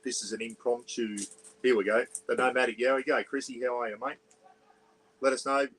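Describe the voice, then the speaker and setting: Talking fairly quickly in a flat, mid-range, slightly bright voice, this Australian livestream host chats loosely on an iPad indoors in a small caravan. He greets viewers, reads out their comments, and keeps quiet for the neighbours, over poor audio.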